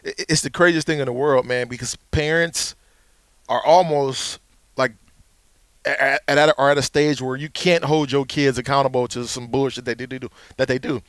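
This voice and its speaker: A man in his thirties co-hosting a casual sports podcast, telling stories with lively quoted voices. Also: medium pitch, moderate pace, no echo, studio quality. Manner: animated storyteller, acts out quotes. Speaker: podcast co-host.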